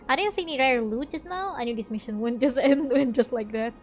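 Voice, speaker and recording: Female streamer, high voice, animated play-by-play with faint background music. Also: brisk, few pauses. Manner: animated, laughing, sudden loud outbursts. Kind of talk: casual gameplay commentary, reading dialogue aloud.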